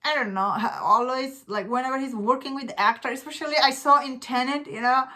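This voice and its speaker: A woman's voice: high voice, fairly even intonation, fairly quick, pushed and bright. A woman giving casual opinion commentary on a film as a movie blogger, chatty, with lots of filler words and frequent laughter.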